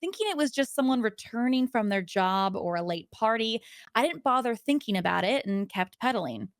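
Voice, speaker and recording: A podcast host in a woman's voice, pitched a little high and recorded close and dry with no room sound. She reads listener stories with an animated, storytelling delivery and slips into little acted voices for the people in them. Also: brisk, no room sound. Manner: animated storyteller who acts out voices in quotes. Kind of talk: reading listener stories and casual chat.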